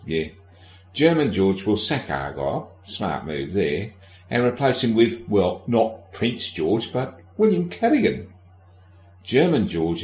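Low-voiced, irreverent male podcast host. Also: a little mellow, roomy sound. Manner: irreverent, sardonic, swears casually; addresses the listener directly. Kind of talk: casual history podcast narration.

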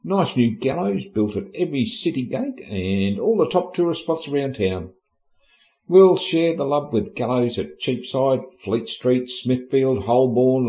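A man's voice: mid-range voice, mellow, low-quality recording. A man narrating history in an irreverent, comic way, cheeky and sweary with lots of slang.

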